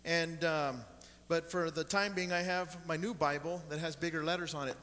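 A man's voice: a little high, steady tone, normal speed, a bit bright. A man in his forties preaching as a pastor in a church, folksy and joking with the congregation. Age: 40s. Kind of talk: sermon. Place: church sanctuary. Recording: long church hall reverb.

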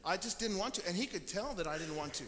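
High bright-voiced man preaching in a reverberant church. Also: animated, fast talker. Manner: storytelling, acts out quoted people. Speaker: pastor. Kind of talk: sermon. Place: church sanctuary.

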